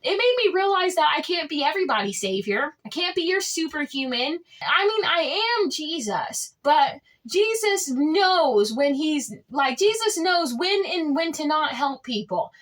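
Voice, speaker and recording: A woman with a strikingly high voice tells a storytime to her viewers. She talks boldly and boastfully, leaping up and dropping low for drama. Her delivery stays casual and chatty throughout. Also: sing-song, a little slow, hardly any pauses, fairly bright tone. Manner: dramatic, swings pitch up and down; outspoken and boastful. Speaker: vlogger.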